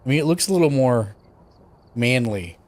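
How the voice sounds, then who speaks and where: A man's voice: medium pitch, expressive, normal speed, a little mellow. A man hosting a casual gaming stream, chatting and greeting viewers by name. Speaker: streamer host.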